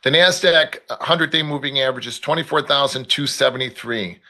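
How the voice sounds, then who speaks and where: A man's voice: medium pitch, brisk, sharp tone. A man from Chicago with a South Side accent, hosting a live trading stream and giving loose, blunt market commentary while repeating price levels aloud.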